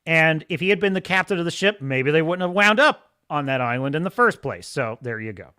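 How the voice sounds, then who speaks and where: Man, livestream host, casual chat, bright voice, higher pitch, laughs often. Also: animated, brisk, clear, resonant tone. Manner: enthusiastic, rambling, laughs often. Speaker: podcast host.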